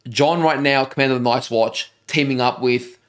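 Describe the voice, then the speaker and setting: An Australian man co-hosting a show reviewing a TV episode, talking in an animated, enthusiastic way. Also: mid-range voice, normal speed. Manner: animated, enthusiastic, says "dude" often. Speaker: reaction channel co-host. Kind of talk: casual chat.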